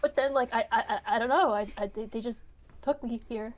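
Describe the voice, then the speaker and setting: A woman's voice: fairly high pitch, brisk. A woman playing a tabletop role-playing game, stammering and flustered in character. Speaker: player. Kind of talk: casual in-character play.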